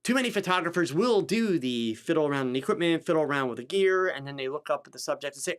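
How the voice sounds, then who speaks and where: A man hosts a live-streamed photography podcast chat, teaching as he answers viewers by name. He's emphatic, repeating key phrases for stress, and his expressive, smooth voice swings between slow, low stretches and high bursts.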